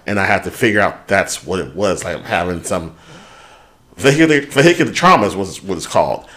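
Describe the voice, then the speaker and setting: This is a man with a fairly low voice, talking in a relaxed, unfiltered way on a podcast. He swears freely and works through a rough day out loud as he chats with his co-host. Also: fairly quick. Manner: candid, swears freely, talks through a hard day at length. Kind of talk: casual chat.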